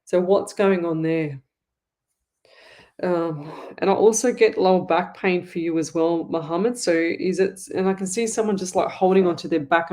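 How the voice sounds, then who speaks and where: Australian woman, middle-aged, lower-pitched; rambling, repetitive live-reading host. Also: a little mellow. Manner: chatty, rambling, repeats herself. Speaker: psychic medium host.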